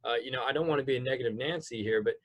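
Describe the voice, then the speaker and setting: A man's voice: mid-range voice, rapid-fire. A man hosting a casual podcast interview, upbeat and jokey, asking long rambling questions. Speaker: podcast host.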